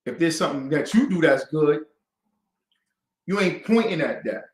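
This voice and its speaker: A man teaching a scripture class to a group, lively and conversational, acting out the voices he quotes. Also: fairly high pitch, moderate pace, roomy sound. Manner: lively, call-and-response, acts out quoted voices.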